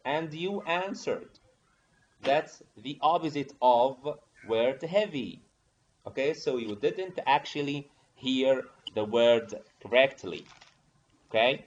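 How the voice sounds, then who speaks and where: A man teaching pronunciation over a video call, slowly repeating prompts and coaxing participants to answer. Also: mid-range voice, expressive. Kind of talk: online teacher training session. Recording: dull lo-fi audio with faint hiss.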